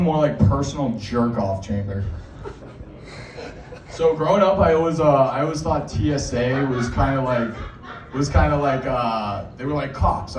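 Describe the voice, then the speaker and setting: Crude rambling young stand-up comic. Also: male voice, medium pitch, slight background noise. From Massachusetts. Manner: crude, rambling, many filler words. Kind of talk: stand-up comedy set. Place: small bar comedy stage. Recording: echoey bar from a distant mic.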